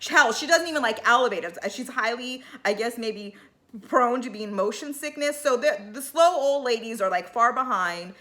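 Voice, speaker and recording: Give me a chatty, opinionated woman recapping reality TV, with a fairly high, bright voice. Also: expressive, moderate pace. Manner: chatty and opinionated, many fillers. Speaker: show recap host.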